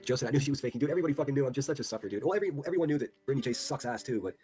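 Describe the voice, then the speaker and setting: Fast-talking profane male streamer. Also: medium pitch, lively intonation, a little mellow, faint music behind. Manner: profane, incredulous, reads chat posts aloud. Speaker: livestream host. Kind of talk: casual livestream commentary.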